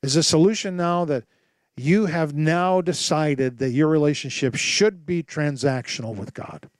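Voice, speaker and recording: A man preaching a sermon as pastor, telling stories with lively acted-out voices and asking rhetorical questions. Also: fairly high pitch, a little slow, dry recording. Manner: animated storytelling with rhetorical questions; acts out voices and sounds in his stories.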